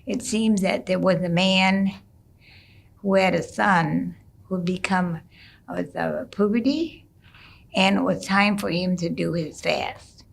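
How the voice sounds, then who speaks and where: Slow, gravelly-voiced woman storyteller. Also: fairly low pitch. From United States. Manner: unhurried, with gentle hesitations and restarts. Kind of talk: traditional storytelling, told casually.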